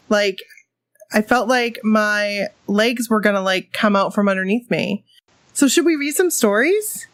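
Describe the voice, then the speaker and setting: A woman's voice: mid-range voice, unhurried, no echo. A woman guest-hosting a casual podcast chat, emphatic and fond of repeating phrases. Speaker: guest host.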